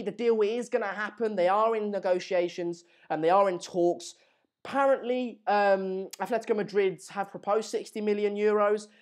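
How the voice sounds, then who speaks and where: Brief: woman, live-stream football host, mid-pitched, excitable and rambling. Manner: excitable, rambling banter with frequent asides. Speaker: host of a live transfer news show.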